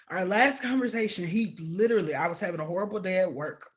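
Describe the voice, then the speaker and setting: A woman guest sharing a personal testimony, candid and animated, acting out the voices of people she quotes. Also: deep voice, fast, few pauses.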